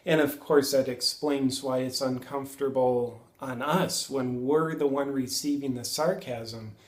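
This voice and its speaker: A man in his thirties hosting a reflective self-help monologue, earnest and musing, pausing and correcting himself as he thinks aloud. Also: medium pitch, steady tone, reverberant. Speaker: self-help video host.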